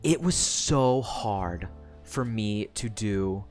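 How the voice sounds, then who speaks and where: A woman's voice: rumbling low, animated, drawn-out words, a little mellow, faint music behind. A woman streamer recapping a book in a casual, rambling way, with lots of swearing and laughter.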